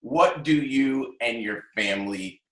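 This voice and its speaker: A man hosts an interview in a lively, chatty way, asking questions and laughing along. His voice sits in the middle range for a man. The sound has a roomy echo around it. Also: medium pitch, a little slow. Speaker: interview host. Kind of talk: casual interview talk.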